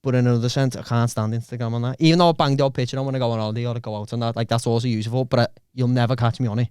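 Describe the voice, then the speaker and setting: A man co-hosting a casual podcast chat, swearing often and telling quick stories. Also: medium pitch, fairly even intonation, a little mellow, clear, resonant tone, no room sound, studio quality. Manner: swears a lot, quick storytelling. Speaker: podcast co-host.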